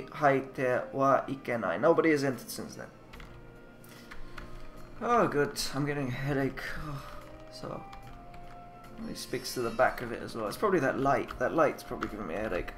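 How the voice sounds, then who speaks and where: Translating Japanese on-screen text as he plays, a young let's player whose first language is English narrates at normal speed with a middling pitch. He wonders aloud, lets sentences fade and second-guesses his readings, with game music playing quietly in the background.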